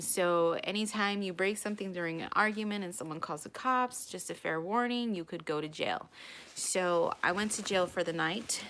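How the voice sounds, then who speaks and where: A young adult woman telling a personal story in a casual vlog, animated and acting out what people said. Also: on the low side. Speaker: vlogger.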